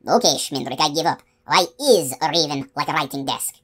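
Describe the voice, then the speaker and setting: A woman doing a gravelly, sneering thief. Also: fairly high pitch, fairly quick, fairly bright tone. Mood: mocking. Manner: gravelly, mocking. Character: coarse, sneering male thief, heavy and smug.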